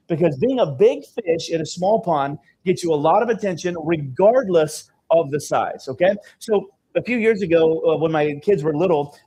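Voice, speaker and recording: Husky high-voiced man on stage. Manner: energetic storytelling, constant "okay?" check-ins. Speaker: seminar speaker and event host. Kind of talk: live seminar talk to an audience. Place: event room with live audience.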